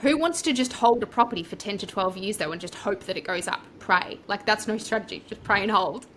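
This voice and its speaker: A young Australian woman talking as a podcast guest, telling her story in a chatty, rambling way with lively asides. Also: mid-range voice, a little fast, a little hiss or hum. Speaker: property coach, podcast guest. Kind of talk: casual storytelling interview.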